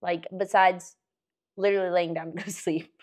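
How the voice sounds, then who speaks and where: A woman's voice: lowish voice, flat delivery, normal speed. A young woman in casual podcast chat, chatty, laughing often, trailing off and restarting. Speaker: podcast co-host, engaged to a host.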